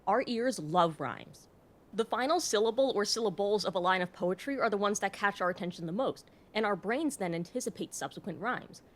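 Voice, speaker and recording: In a scripted educational video, a woman host with a mid-range pitch explains things clearly while slipping in wry, joking asides.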